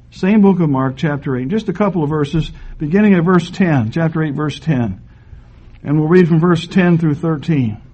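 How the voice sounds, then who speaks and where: An older man preaching a sermon, reading scripture slowly and stressing key words with pauses. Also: fairly high pitch, darkish tone. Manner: slow, deliberate Bible reading with emphatic pauses. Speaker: pastor. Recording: dull lo-fi sermon recording.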